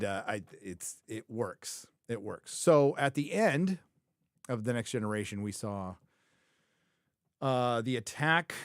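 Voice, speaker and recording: Male livestream host, mid-pitched, opinionated and rambling, close dry sound. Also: no echo. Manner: opinionated, repeats his own phrases for emphasis; rambling, thinks aloud, frequent self-corrections. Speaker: show host reviewing a TV series. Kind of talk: casual livestream commentary.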